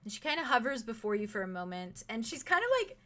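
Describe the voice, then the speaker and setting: A woman's voice: a little high, very animated, quick pace, fairly bright tone. A woman narrating as game master, chatty and giggly, with many fillers and some swearing.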